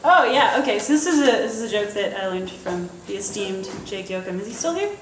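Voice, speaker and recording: A woman's voice: medium pitch, lively intonation, a little fast, slight background noise. A young woman in her twenties chatting between songs at her recital, rambling and laughing at herself. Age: 20s. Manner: giggly, rambling, self-deprecating. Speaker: student performer introducing songs. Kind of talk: casual stage banter. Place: recital hall on stage. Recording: roomy live recital from far off.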